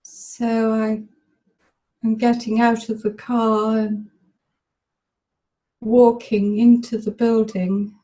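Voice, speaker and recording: Volunteering in a therapy demonstration, a woman tearfully and emotionally recalls a memory out loud in the present tense, her phrasing halting and stop-start. Her voice is somewhat high, level, and dark, heard through low-quality webinar call audio.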